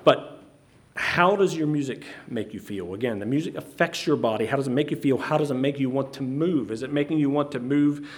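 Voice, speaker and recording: A man preaching a sermon, earnest and halting, often restarting his sentences. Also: mid-range voice.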